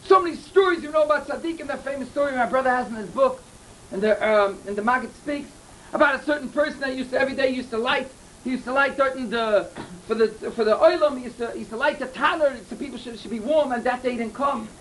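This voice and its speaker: A man's voice: extremely high pitch, fast talker, a bit bright, slight background noise, low-quality recording. A man giving a Torah lecture, telling stories earnestly and repeating key phrases. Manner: earnest, repeats himself, mixes in Hebrew and Yiddish terms. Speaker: Torah teacher.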